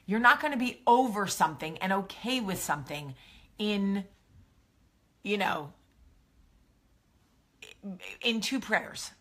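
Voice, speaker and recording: Woman in her 30s doing a live vid, bright voice, chatty and candid, giving advice. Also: medium pitch, measured pace. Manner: candid, animated, conversational advice. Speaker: host of a live video show. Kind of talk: casual live-stream monologue. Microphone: phone or webcam, live video.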